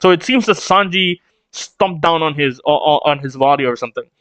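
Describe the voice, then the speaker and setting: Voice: medium pitch, fairly quick, a bit bright, dry recording. A streamer reading manga live and reacting in a chatty, opinionated way, laughing often.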